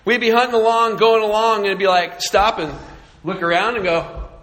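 Man pastor, high bright voice, echoey church. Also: fairly even intonation, moderate pace. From California. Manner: flippant, sarcastic, self-mocking. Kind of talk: storytelling sermon. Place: church sanctuary. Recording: echoey hall reverb.

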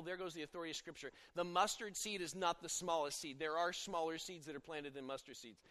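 A middle-aged man gives a sermon as a pastor, sharp-toned and pitched on the high side, moving at a quick pace with few pauses. He speaks conversationally, tells stories, and often breaks off mid-sentence to restart, recorded with long hall reverb.

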